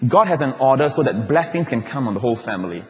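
A pastor, preaching a lively sermon with jokes and playful asides. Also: male voice, mid-range voice, fast. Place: large church auditorium. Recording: long reverb of a large hall.

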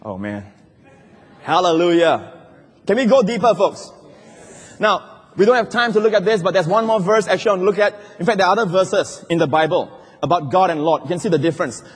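Male pastor preaching; high, husky voice that rises to shouts and drops to asides, big reverberant hall. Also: brisk. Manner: animated preaching that swings from loud cries to low asides. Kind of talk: sermon.

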